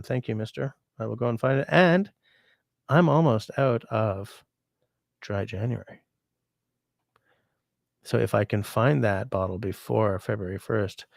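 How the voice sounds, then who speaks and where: A man's voice: fairly low pitch, creaky, no room sound, clean studio sound. A sick man hosting a livestream from home, chatting casually and reading viewer comments aloud in a rambling, easygoing way. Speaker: livestream host.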